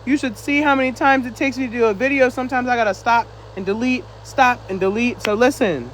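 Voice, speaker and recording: High-voiced man chatting on a live stream. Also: fairly quick, fairly bright tone, slight background noise, poor audio. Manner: chatty, laughing, teasing viewers back. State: winded. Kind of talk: casual live-stream chat reading comments.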